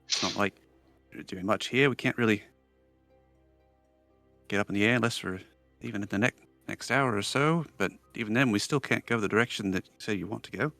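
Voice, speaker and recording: Male game master, low and gravelly, halting scene narration, dry sound. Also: pushed and bright, dry recording, faint music behind. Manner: describes scenes with many fillers and restarts.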